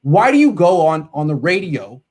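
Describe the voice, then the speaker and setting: A man's voice: fairly high pitch, sing-song, moderate pace, a little mellow. A man hosting a casual sports talk show, ranting animatedly and reading out viewer comments.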